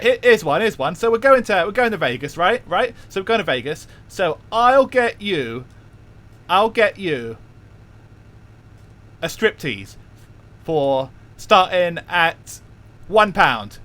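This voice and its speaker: A cheeky Cockney punk hawking bids like an auctioneer, as a streamer puts him on. He keeps the London accent thick and the patter quick. The tone stays bright and fairly high. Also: sing-song, heavily acted.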